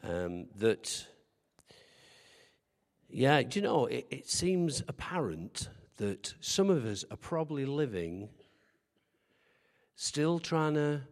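A pastor speaks slowly at medium pitch, with big pitch swings, long pauses, and a darkish tone. His conversational sermon mixes humorous, self-deprecating stories with questions for the congregation, recorded with long hall reverb.

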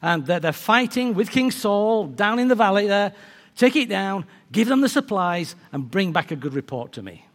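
A man voicing a brisk, friendly father who sends his son on an errand, with a British accent. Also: sits high, big pitch swings. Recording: long reverb of a large hall.

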